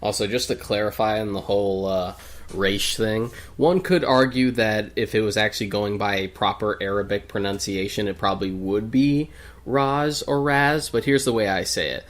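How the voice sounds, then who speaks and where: Low-voiced opinionated young co-host. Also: male voice, normal speed. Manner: opinionated, explains comic lore at length. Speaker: guest co-commentator. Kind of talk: casual gameplay commentary.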